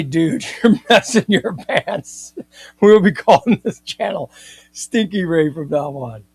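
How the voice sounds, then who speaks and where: Male live-stream host, chatty and playful, slightly higher voice, dry close sound. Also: husky, dry recording. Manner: playful, mock-indignant, chatty and excitable. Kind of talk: casual live-stream chat reading viewer comments.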